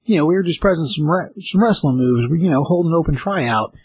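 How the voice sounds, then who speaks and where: A man voicing a smug teenage boy in a letterman jacket, making sheepish excuses, with a slightly husky voice. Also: fairly high pitch, expressive, quick pace, a little mellow. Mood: fake innocent.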